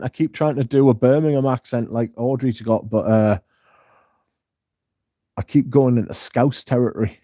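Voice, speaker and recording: A man's voice: mid-range voice, steady tone, moderate pace, dark tone, dry recording. A man hosting a casual livestream, reading viewer comments aloud and answering them with dry, sardonic banter. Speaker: livestream host.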